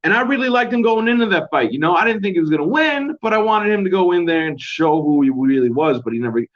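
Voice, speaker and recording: A young podcast host with a high, animated voice speaks at a quick pace, hosting a casual solo recap show at home. He rambles and swears in a laid-back way, and the home recording sounds dull and lo-fi.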